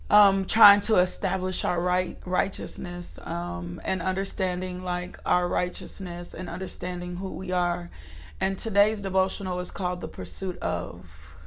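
A woman's voice: on the low side, vocal fry. Woman preaching a fervent devotional. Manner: fervent, repetitive prayer building to emphatic preaching; fillers and restarts, talks directly to listeners. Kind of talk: morning devotional sermon.

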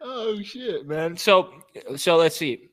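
A man's voice: high-pitched, lively intonation, slow pace, a bit bright. A man hosting a casual comedic interview, egging the guest on with slang like "bro" and laughing often.

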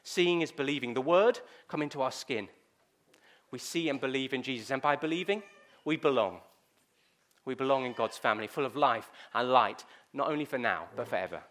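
A man's voice: mid-range voice, moderate pace, long pauses. A male preacher, giving a sermon in a conversational storytelling manner. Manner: conversational storytelling, lively and direct.

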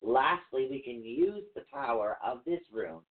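A man's voice: medium pitch, lively intonation, a little slow. Man teaching over a tinny line. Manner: patient, explains step by step, spells words out. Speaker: rune teacher. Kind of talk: live-stream teaching with banter.

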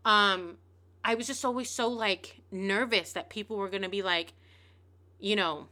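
Brief: woman in her thirties, podcast host, bright voice, candid, animated storyteller. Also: medium pitch, unhurried. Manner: candid, animated, swearing freely. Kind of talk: casual storytelling monologue.

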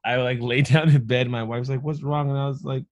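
A man's voice: medium pitch, level tone, quick pace, no echo. A man in his thirties, a married father, talking casually and reflectively on a podcast, in long earnest phrases. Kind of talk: casual chat.

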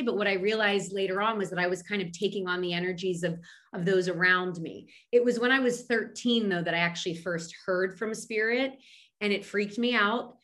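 Here the Philadelphia medium, a middle-aged woman on a podcast, has a mid-range voice with a slightly bright tone. She keeps the casual interview chatty, with frequent fillers and false starts.

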